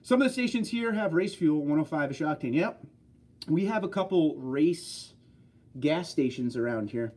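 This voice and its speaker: Livestream host, male, raised in New York; mellow, husky voice, chatty and rambling. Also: a little high, lively intonation, normal speed. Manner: rambling, chatty, talks straight to viewers. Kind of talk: casual livestream chat answering viewer comments.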